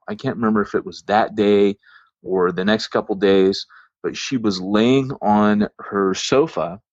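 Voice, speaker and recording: A man's voice: lowish voice, no room sound. A man hosting a podcast, telling a long church story in a rambling, casual way with many ums and restarts. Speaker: podcast host. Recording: dry, dull lo-fi sound.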